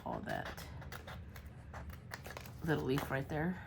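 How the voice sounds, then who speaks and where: A woman's voice: low voice, huge pitch swings, slow pace, creaky, noisy background. A woman chatting casually while crafting a journal, rambling with lots of ums, her voice worn and congested from being sick. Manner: rambling, full of ums, muttering while working.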